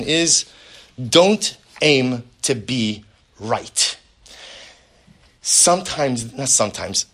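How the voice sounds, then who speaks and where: A man's voice: medium pitch, a bit bright. A man, likely a rabbi, giving a spoken lecture on marriage, earnest and fond of rhetorical questions and repeated words.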